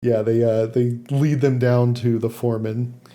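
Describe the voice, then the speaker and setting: Male podcast host, mellow tone, loose chatty recap. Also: medium pitch, little pitch movement, a little slow. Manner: recaps plot loosely with many fillers and laughs. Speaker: podcast host summarizing an episode. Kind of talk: casual podcast chat.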